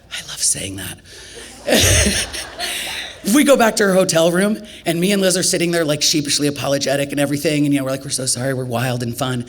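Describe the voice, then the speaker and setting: A lively woman from Nebraska spins a tale on a festival stage. She talks conversationally and laughs often, leaping up in pitch whenever she acts out what someone said. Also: breathy edge. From Nebraska, USA. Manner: animated, acts out quoted lines with big jumps in pitch. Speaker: storyteller. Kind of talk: live storytelling performance.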